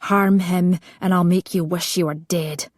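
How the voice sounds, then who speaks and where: A woman's voice: lowish voice, steady tone, measured pace, no room sound, clean studio sound. A woman voicing a strong-willed young noblewoman who speaks with steel and command. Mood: steely. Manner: loud, imperative, steely.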